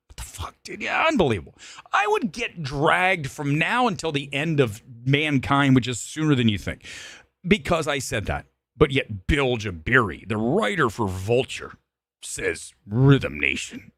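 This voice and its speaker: Animated, ranting man, lively pitch. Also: normal speed, no room sound. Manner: animated, ranting, profane storytelling; jumps into high shouts when worked up. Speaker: host. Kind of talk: live-stream movie talk.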